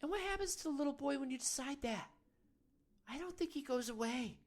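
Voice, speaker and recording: A man's voice: very high voice, animated, brisk. A man playing a self-serious male men's-wellness guru, leading a parody of a guided meditation in an earnest, coaxing, rambling way.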